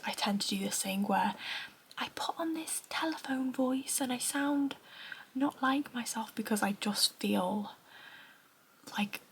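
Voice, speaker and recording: A woman's voice: mid-range voice, creaky, breathy edge. Tired northern English woman, half-whispering. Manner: tired, soft half-whispered talk late at night. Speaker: running vlogger. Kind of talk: casual vlog chat. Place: home at night.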